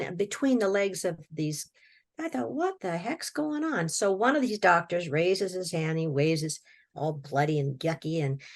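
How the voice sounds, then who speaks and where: A woman from Washington state telling her own story as an interview guest, in a folksy, plainspoken way with repeated words and short laughs. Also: deep voice. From Washington state, USA. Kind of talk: personal storytelling, recounting a near-death experience.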